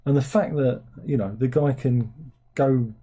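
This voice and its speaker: A man with a very dark, mellow and husky voice hosts a casual film review. He rambles sardonically through viewer comments and jumps into incredulous, high-pitched disbelief. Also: unhurried. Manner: rambling, sardonic, breaks into incredulous squeaky outbursts.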